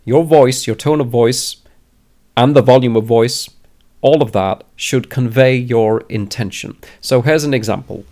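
A man's voice: mid-range voice, unhurried, darkish tone. A man with a mid-range voice talks to camera as a teacher coaching newcomers. He is plain-spoken and emphatic, and he often restates a point in different words so that it lands. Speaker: teacher giving advice to new teachers. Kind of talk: direct advice talk to camera.

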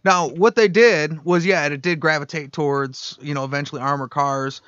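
Male storyteller, slightly high voice, rambling and profane, dull dry recording. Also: fairly even intonation, normal speed, fairly bright tone, clear, resonant tone, no echo. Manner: rambling, swears, laughs at own stumbles. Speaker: podcast storyteller. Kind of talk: casual storytelling chat.

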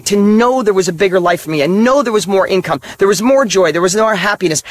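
A motivational speaker, a middle-aged man whose voice sits notably high for a man, drives his points home in short hammered phrases. He talks bluntly and candidly, letting a mild curse slip now and then. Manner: emphatic, punchy repeated short statements. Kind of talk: motivational monologue.

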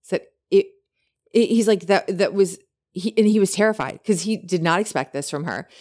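A woman co-hosting a podcast, chatting casually and retelling a story with many animated quotes. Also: mid-range voice, moderate pace. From lived in California. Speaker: podcast co-host.

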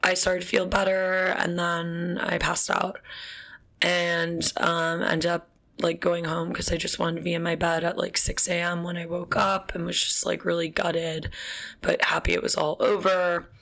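Young woman vlogger, low flat voice with vocal fry, chatty and laughing through her story. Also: unhurried. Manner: chatty, frequent fillers and laughs, swears casually. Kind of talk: casual storytelling.

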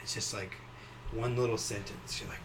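Rambling male podcast host, lower voice. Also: normal speed, background noise. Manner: rambling, many fillers, animated impressions. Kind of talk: casual podcast chat.

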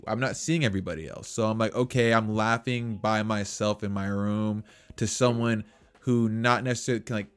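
A podcast co-host with a fairly low, clear, resonant voice rambles through a casual chat, using lots of fillers and frequently restarting his sentences.

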